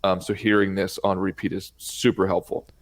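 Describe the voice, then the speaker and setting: Earnest, low-voiced male podcast co-host. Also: flat delivery, moderate pace. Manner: agreeable, earnest, frequent short affirmations. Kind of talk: casual podcast chat.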